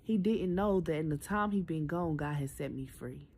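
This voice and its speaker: A woman's voice: low-pitched, normal speed, a little hiss or hum. Chatty young woman telling a story. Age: 20s. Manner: animated, chatty, addresses viewers directly. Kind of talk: casual storytime.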